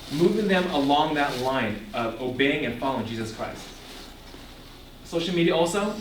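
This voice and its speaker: A young man giving an animated ministry talk to a young audience, asking the room questions and laughing often. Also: medium pitch, distant mic, slight background noise. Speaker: ministry speaker. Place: echoey room before a live audience. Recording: echoey room, voice picked up from afar.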